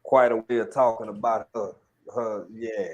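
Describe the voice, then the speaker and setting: A man's voice: fairly low pitch, level tone, normal speed, a little mellow, muffled recording. A man hosting a casual chat show, laid-back and joking with slangy talk. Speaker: show host.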